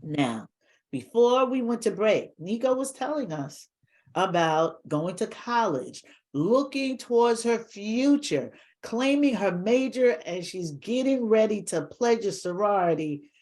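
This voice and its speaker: A woman's voice: medium pitch, sing-song, a little slow, darkish tone. A woman hosting a talk show, upbeat and speaking directly to her viewers.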